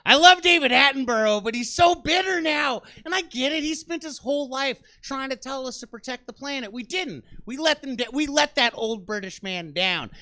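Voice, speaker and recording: A male stand-up comedian rants with exasperated, self-deprecating bite in a small theater. His voice is unusually high and bright. He jumps around in pitch as he works the crowd on a handheld mic.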